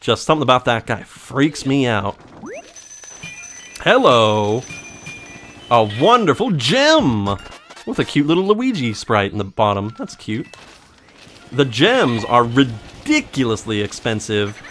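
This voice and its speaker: Let's-play host: man, mid-pitched, very animated delivery, goofy improvised asides over gameplay. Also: a little slow, slight background noise. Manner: joking, rambling, makes up silly backstories. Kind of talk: casual gameplay commentary.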